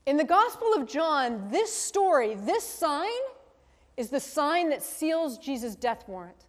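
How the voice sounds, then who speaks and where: Her voice sits high and swings widely in pitch as she speaks slowly. She is a woman pastor whose conversational sermon often pauses for tag questions aimed at the congregation, much like a teacher. The recording carries a large hall's long reverb.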